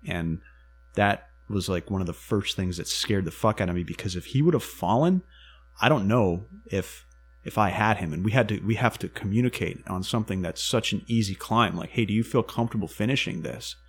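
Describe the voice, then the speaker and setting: A man telling a story in casual chat, animated and swearing freely, acting out what people said. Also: on the low side, brisk, slightly rough, faint music behind.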